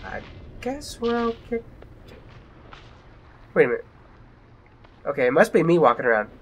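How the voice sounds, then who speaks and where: A man's voice: a little high, a bit bright, slight background noise. A young man playing a horror game, jumpy and exclaiming, often mocking himself. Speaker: let's play gamer.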